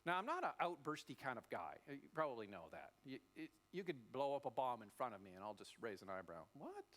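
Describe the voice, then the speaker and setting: Animated pastor, lively pitch. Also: male voice, quick pace. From Australia. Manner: animated storytelling, acting out voices. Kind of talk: sermon. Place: church.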